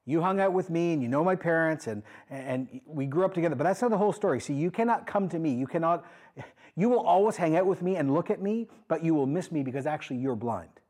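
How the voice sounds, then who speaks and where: A pastor voicing Jesus answering his old friends, firm and insistent, with a husky voice. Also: on the high side, lively intonation, quick pace, darkish tone.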